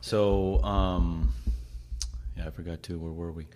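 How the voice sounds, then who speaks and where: Low-voiced man swearing through casual stories. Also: steady tone, slow, warm tone, highs cut off. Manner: swears freely, laughs while telling stories. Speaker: podcast host. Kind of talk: casual chat.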